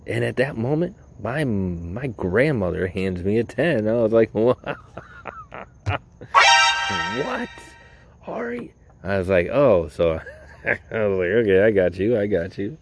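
Low-voiced man rambling through a story. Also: moderate pace, a little mellow, soft background music. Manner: rambling, full of "you know" and fillers; acts out his own reactions in quoted asides. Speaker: podcast host. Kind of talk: casual storytelling monologue.

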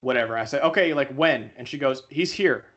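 With the high frequencies cut off, a young man's mid-range voice moves a little fast as he co-hosts a podcast. He tells his story in a relaxed, animated way, acting out each quoted voice.

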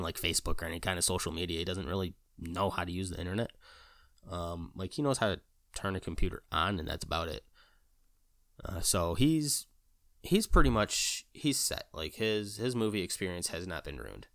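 A man with a very deep voice rambles excitedly in a casual chat, piling up fillers, restarts and the odd curse word. The recording is dry and close, with no room echo. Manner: gushing with enthusiasm. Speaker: vlogger.

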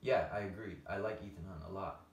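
A man's voice: deep voice, fast, distant mic. A man co-hosting a casual podcast, laid-back and stubborn in banter, often saying "you know" and "mm-hmm". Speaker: podcast co-host. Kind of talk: casual chat. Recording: echoey room, voice from off-mic, faint ambience.

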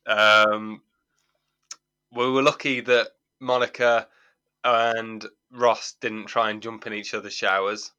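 Bright-voiced man chatting casually. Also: lowish voice, little pitch movement, slow, smooth. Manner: rambling, restarts, amused. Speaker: podcast co-host. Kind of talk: casual chat recapping a sitcom episode.

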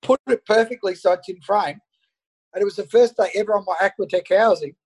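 An Australian man, a fishing photographer, telling an animated story over an internet call and acting out the dialogue. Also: high-pitched, brisk, breathy edge, rough recording. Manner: animated anecdote, acts out dialogue. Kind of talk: casual storytelling.

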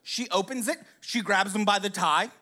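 A man's voice: sits high, normal speed, pushed and bright. A man casually telling a crude, rambling story to a live audience, constantly checking in with his listeners and chuckling between lines.

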